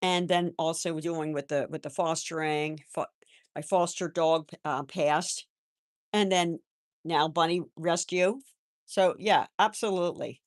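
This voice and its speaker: Gentle older woman, low voice. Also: steady tone, a little slow, no room sound, clean studio sound. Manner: gentle, rambling, answers viewers' comments. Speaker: livestream host. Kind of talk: casual live-chat talk.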